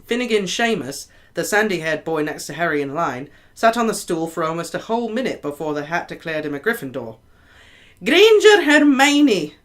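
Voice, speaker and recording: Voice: mid-range voice, lively intonation, quick pace, few pauses, a bit bright. A reader reading a novel chapter aloud casually, now and then stumbling and correcting a word.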